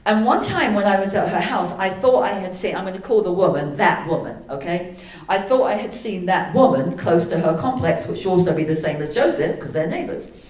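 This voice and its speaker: A woman giving a sermon, telling a personal story, then leading a slow, soothing guided meditation. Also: fairly low pitch, lively intonation, a little mellow. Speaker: spiritual speaker. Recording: echoey hall from far off.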